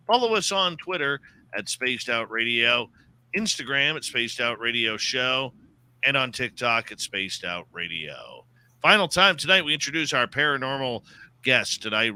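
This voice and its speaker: A man's voice: mid-range voice, bright, forceful tone. A man hosting a paranormal radio show, chatting casually and reading out announcements. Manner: upbeat, plugs the show.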